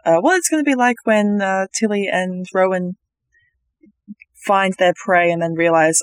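Brief: Australian-accented player, rambling excitement, dry close audio. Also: medium pitch, normal speed, clean tone, dry recording. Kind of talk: casual chat.

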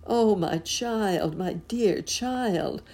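A woman's voice: lowish voice, expressive, takes it slowly, dark tone, husky, full character voice. Woman voicing a pleading remorseful old king. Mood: anguished.

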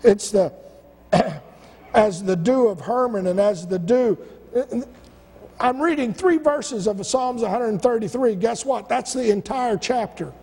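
A man's voice: high-pitched, lively intonation, measured pace, dark tone, husky. A male pastor preaching a sermon, stacking rhetorical questions and stumbling over restarts. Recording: long church-hall reverb.

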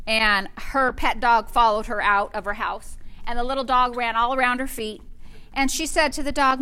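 High, bright-voiced woman pastor preaching. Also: fairly even intonation, normal speed, clear, resonant tone. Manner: fervent preaching with call-and-response interjections. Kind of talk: sermon.

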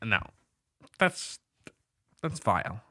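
A young man co-hosting a casual podcast chat, animated and exasperated, who swears freely and stutters. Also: lowish voice, takes it slowly, no echo, studio quality. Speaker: podcast co-host.

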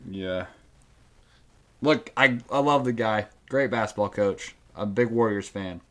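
Man, lowish voice, wry co-host, casual chat. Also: unhurried.

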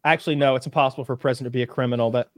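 A man talking loosely and at length, sliding sarcastic jokes into his rambling. His voice sits at an ordinary middle pitch and is recorded close and dry, with no room sound. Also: steady tone, racing, dry recording. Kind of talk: casual chat.

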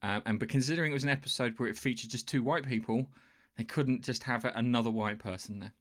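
A man's voice: medium pitch, fast. A man co-hosting a podcast in casual chat, joking and emphatic, cutting in on his partner. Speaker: podcast co-host.

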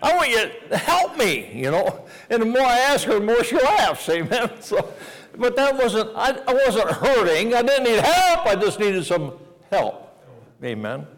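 A man's voice: very high voice, sing-song, a little slow, in a large hall, low-quality recording. A man preaching at a revival meeting, telling a homey story and tagging lines with "amen?". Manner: folksy, storytelling, asks the crowd "amen?". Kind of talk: revival sermon with a personal story.

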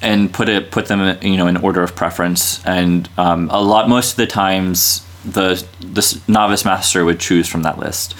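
Deep-voiced friar rambling in conversation. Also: male voice, steady tone, moderate pace, hardly any pauses. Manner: rambling, many fillers and restarts, laughs easily. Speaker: Dominican friar guest. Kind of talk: casual interview conversation.

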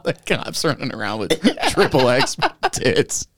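A man co-hosting a comedy podcast, throwing in crude quick quips. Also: medium pitch, expressive, background noise. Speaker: podcast co-host. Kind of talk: casual comedy chat.

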